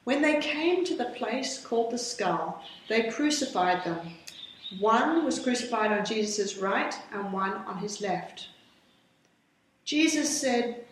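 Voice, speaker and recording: Slow woman reading a Bible story. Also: on the high side, animated. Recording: very echoey room.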